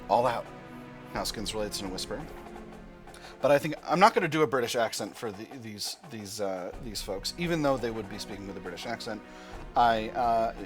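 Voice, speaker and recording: A man hosting a let's play, reading the game's text aloud and thinking aloud about his choices, with frequent restarts. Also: fairly low pitch. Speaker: gaming channel host.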